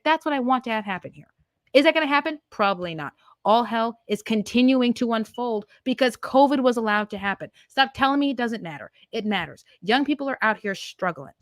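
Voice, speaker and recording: A woman's voice: a little high, a bit bright, dry recording, clean studio sound. Heated woman podcaster in her twenties. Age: 20s. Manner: heated, emphatic, repetitive rhetorical questions. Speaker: podcast host. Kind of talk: political commentary monologue.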